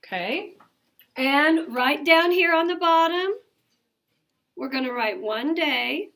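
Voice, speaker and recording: A middle-aged woman teaching a math lesson to her class, brisk and coaxing, asking questions as she goes. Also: high voice, animated, a bit bright. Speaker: elementary school teacher.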